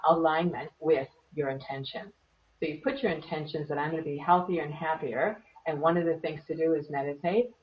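A woman teaching meditation in an earnest, conversational way, slightly hoarse from losing her voice. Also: low voice. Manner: earnest, plays out little voices in quotes. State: losing her voice, clearing throat. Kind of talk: relaxed conversational advice. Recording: distant, dull lo-fi sound.

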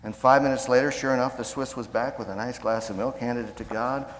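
Preacher with echoing church reverb. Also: male voice, mid-range voice, steady tone, slight background noise. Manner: measured, slows down for emphasis. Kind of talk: sermon.

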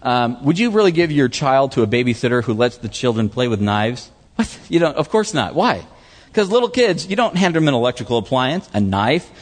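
A man's voice: medium pitch, a little fast, in a large hall. A man preaching a sermon, asking the audience questions and acting out what people say. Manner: animated preaching with questions to the audience, acts out voices. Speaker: pastor.

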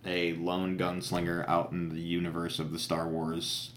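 Man, lowish voice, enthusiastic rambling chat, echoey room. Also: monotone, a little slow, fairly bright tone, slight background noise. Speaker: podcast co-host. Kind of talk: casual chat.

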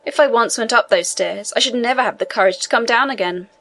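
A woman's voice: on the high side, fast, fairly bright tone. A woman reading as a composed male inspector.

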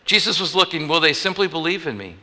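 A male pastor preaching a conversational sermon, moving from loud emphatic lines to hushed ones. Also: fairly high pitch, fast. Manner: conversational, animated, swings between loud and hushed. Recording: reverberant hall.

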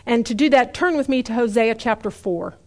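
A middle-aged woman preaching a sermon in an earnest way, slowing down to stress key points and asking the listeners direct questions. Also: a little high, darkish tone.

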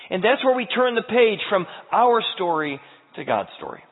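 A man preaching a sermon as pastor, moving between loud emphatic peaks and hushed, tender passages. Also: high voice, very animated, normal speed, slightly rough. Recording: tinny, echoey church hall recording.

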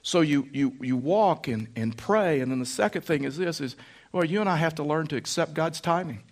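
A man's voice: on the high side, brisk. A man preaching a sermon as a pastor, telling stories in a folksy way and repeating phrases for emphasis.

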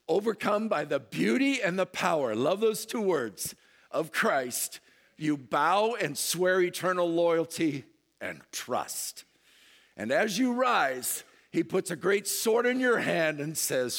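A man preaching a sermon, moving from low, intense delivery to loud impassioned emphasis. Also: sing-song, slow pace. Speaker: pastor.

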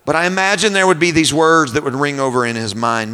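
A man preaching at a conference, retelling a story in vivid, unhurried detail, in a hall with long reverb. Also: on the high side, fairly even intonation, bright, forceful tone, clean tone. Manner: imaginative, descriptive, unhurried.

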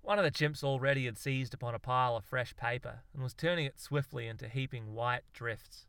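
A man's voice: mid-range voice, fairly even intonation, a little fast, fairly bright tone, clear, resonant tone, dry recording. A man narrating a comic story in a dry, wry way. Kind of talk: audiobook narration.

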